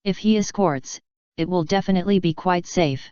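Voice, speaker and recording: A woman's voice: fairly low pitch, moderate pace, darkish tone, clear, resonant tone, dry recording, dull audio, close to an everyday voice. A woman reading the lines of a cheerful, reassuring male receptionist.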